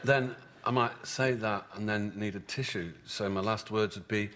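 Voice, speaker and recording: This man's voice sits on the low side, at a normal speed with fairly even intonation and only light acting. He plays a goofy, rambling young adult best man in a sitcom, jokey and full of silly asides, recorded for TV with loud audience laughter.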